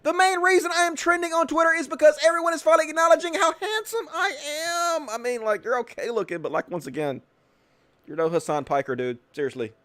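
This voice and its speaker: A man's voice: very high-pitched, quick pace, fairly bright tone, no room sound. A man hosting a political commentary show, talking in a sarcastic, mocking and profane way. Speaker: host.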